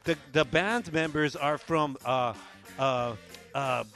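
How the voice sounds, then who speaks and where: A man co-hosting a radio show, joking playfully and tagging his lines with "eh?" as he reads out shout-outs. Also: fairly high pitch, slow, creaky, faint music behind.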